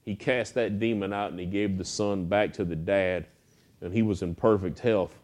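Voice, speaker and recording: A man preaching a sermon, telling stories in a folksy, animated way. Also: low-pitched, normal speed. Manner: folksy, animated storytelling with acted quotes. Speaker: pastor.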